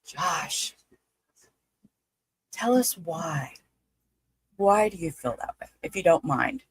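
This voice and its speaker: Lady in her 50s hosting a live stream, gravelly husky voice, dry close sound, chatty and excitable. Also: deep voice, slow, no echo, poor audio. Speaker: livestream host. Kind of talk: casual livestream chat.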